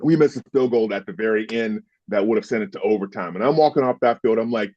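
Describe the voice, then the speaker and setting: A former football player in his fifties, American, gets heated and emphatic as he tells interview stories, dropping the odd swear word. His lowish voice moves quickly and sounds a little mellow. The recording is dry and slightly dull.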